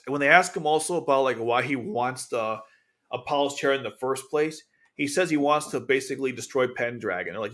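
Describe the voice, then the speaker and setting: This anime reviewer hosts his own channel, recapping and commenting on an episode over video in a loose, rambling style packed with fillers and restarts. His voice is medium-pitched, fairly quick, and a bit bright.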